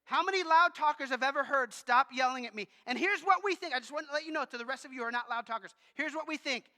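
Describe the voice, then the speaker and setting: Loud, high-voiced male pastor preaching. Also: fast talker. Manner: self-described loud talker, animated and conversational. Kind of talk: sermon. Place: church sanctuary with congregation. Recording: long reverb of a large church hall.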